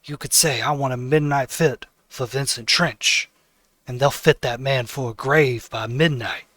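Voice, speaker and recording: A man's voice: medium pitch, measured pace, fairly bright tone, no room sound. Man doing a blunt streetwise companion. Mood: conspiratorial.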